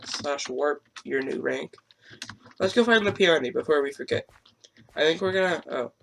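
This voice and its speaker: A man's voice: fairly high pitch, gravelly, a little hiss or hum. A teenage boy commenting on his own gameplay, rambling and self-deprecating, stuttering often, his throat strained. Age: teens. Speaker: gamer.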